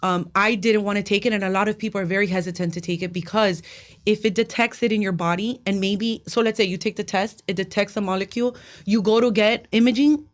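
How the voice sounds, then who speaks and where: A woman guest in a casual interview, telling a personal story quickly and animatedly, sometimes acting out what people said. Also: medium pitch. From Miami, United States. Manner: fast, animated storytelling with acted quotes. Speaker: interview guest, cancer patient.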